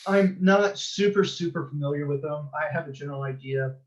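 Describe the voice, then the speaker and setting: A man's voice: on the high side, brisk. Give me a man presenting a technical talk, hesitant and full of fillers, over dull lo-fi meeting audio. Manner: hesitant, many filler sounds.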